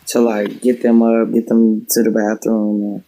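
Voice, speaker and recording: A man's voice: lowish voice, completely flat delivery, measured pace, mellow, slight background noise, poor audio. Man telling a story in casual livestream chat. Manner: loose, rambling telling with many "like" fillers. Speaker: livestream host; former home health care worker.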